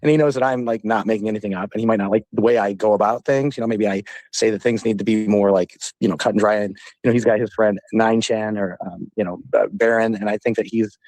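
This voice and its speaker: A man hosting a casual online talk, ranting in a profane, rambling and animated way. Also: lowish voice, fast, hardly any pauses, no echo. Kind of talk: casual heated chat.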